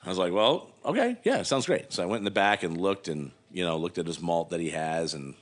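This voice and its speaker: A man's voice: low-pitched, fairly even intonation, fast. A middle-aged man, a guest brewer, telling a long rambling story in a casual interview, full of fillers and acted-out quotes.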